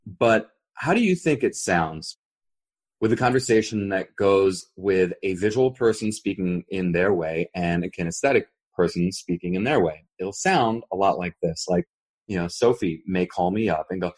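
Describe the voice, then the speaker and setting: A man's voice: low-pitched, moderate pace, husky. A man co-hosting a podcast, explaining casually and acting out the voices he describes. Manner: animated, demonstrates voices while explaining. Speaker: podcast co-host.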